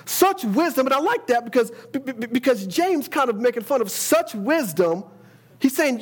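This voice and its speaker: High-voiced man preaching a sermon. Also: animated, moderate pace, slightly rough. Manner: emphatic, repeats words, quotes scripture.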